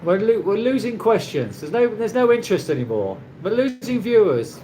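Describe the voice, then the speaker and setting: A man's voice: high-pitched, very animated, moderate pace, mellow, a little hiss or hum. A man from England, hosting a rambling casual live chat with viewers from his condo, laughing often. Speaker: livestream host. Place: condo in the Philippines.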